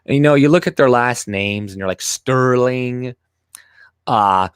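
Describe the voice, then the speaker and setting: A man's voice: medium pitch, quick pace, smooth, no room sound, studio quality. A young man whose first language is French, hosting a casual livestream and reading chat comments aloud in a sarcastic, profane rant. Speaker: livestream host.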